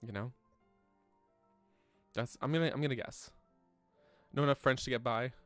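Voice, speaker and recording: A man's voice: mid-range voice, moderate pace, a bit bright, dry recording, faint music behind. A man from Canada chatting casually while streaming a video game, laughing often and answering chat.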